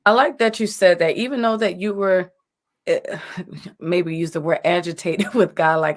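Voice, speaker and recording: A woman's voice: on the low side, fairly even intonation, normal speed. A woman hosting a live chat show, affirming and encouraging toward her guests. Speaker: talk show host.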